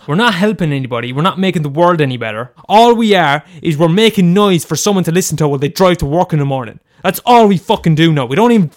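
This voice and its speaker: A man's voice: fairly high pitch, animated, fast talker, hardly any pauses. Ranting, cursing young Irish man. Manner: ranting, profane, full of restarts. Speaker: comedian playing a radio host. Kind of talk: comedy sketch.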